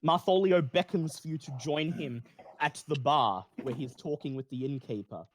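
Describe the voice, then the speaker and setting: A man running a tabletop game, narrating scenes in a slightly high voice. He describes each moment plainly and now and then trips over a word before pressing on. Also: moderate pace, a little hiss or hum. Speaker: game master.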